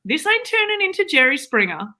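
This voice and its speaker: A woman's voice: high-pitched, very animated, brisk, pushed and bright, exaggerated voice. A woman playing a blunt, teasing Australian wife who swears freely, in an improv comedy livestream.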